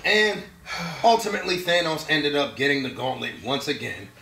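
An excitable young man talks through a movie review, swearing freely and laughing as he goes. His voice is high, bright and swings widely in pitch. He sits back from the mic in an echoey room. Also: normal speed, far from the mic, a little hiss or hum. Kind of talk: animated casual movie review.

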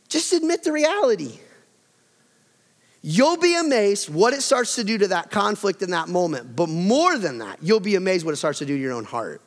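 A male pastor preaches in a big sanctuary, his fairly high voice carrying a long reverb tail. He is animated and acts out household arguments, climbing in pitch as he plays them. The delivery is a live sermon to a congregation. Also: moderate pace. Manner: animated, acts out quarrels with rising voice.

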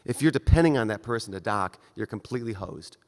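A man's voice: on the low side, lively intonation, fast. A male surgeon giving a conference lecture in a direct, conversational way. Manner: conversational, direct, acts out brief exchanges. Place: lecture hall. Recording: long reverb of a lecture hall.

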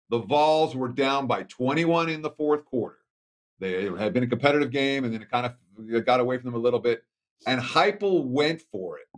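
A man analyzing a game on a sports betting panel, telling it as a story with a chuckle here and there. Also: medium pitch. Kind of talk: casual panel talk.

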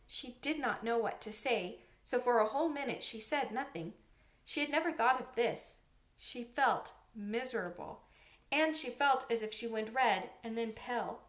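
A woman narrating a classic children's novel aloud in a measured, expressive reading. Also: fairly high pitch, echoey room. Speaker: audiobook narrator. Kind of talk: storybook narration.

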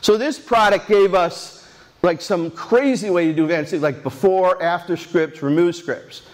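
Animated older man telling a conference story. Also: sits high, moderate pace. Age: 60s. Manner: rambling and animated, many restarts and asides. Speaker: conference speaker. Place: conference stage.

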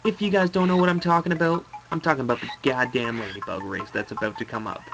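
A man's voice: mid-range voice, fast talker, gravelly, dull audio. A man hosting a let's play video, giving gameplay commentary and swearing and ranting at the game. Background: game music.

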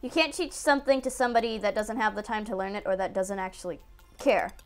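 A young woman giving excitable gameplay commentary into a desk mic, talking to herself with lots of exclamations. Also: mid-range voice, fast talker, faint music behind. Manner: excitable self-talk, frequent exclamations and laughs. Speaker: gaming channel host. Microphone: desk microphone.

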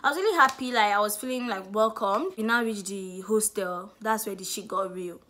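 Young woman, Nigerian accent, story-time vlog, animated, acts out quotes. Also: medium pitch, a little fast, a little hiss or hum. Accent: Nigerian English. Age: young adult. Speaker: student vlogger.

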